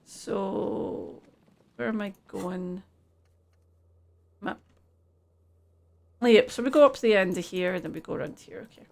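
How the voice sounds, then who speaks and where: Gravelly-voiced woman streamer. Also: mid-range voice, a little slow, pauses often, a little mellow. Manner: chatty, reads game text aloud, laughs easily. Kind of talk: live gameplay commentary and reading aloud.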